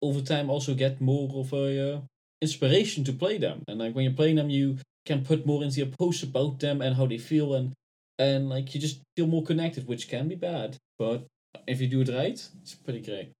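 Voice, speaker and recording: A man's voice: mid-range voice, normal speed, dark tone. A man co-hosting a casual podcast, earnest and explaining his own habits. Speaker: podcast co-host. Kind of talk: casual group chat.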